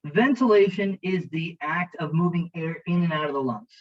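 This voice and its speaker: A man narrates a slideshow lecture as an EMT instructor, chatty and joking and speaking straight to his students. His voice sits a bit high. The recording is dull and lo-fi. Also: normal speed. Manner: jokey, conversational, talks to students directly.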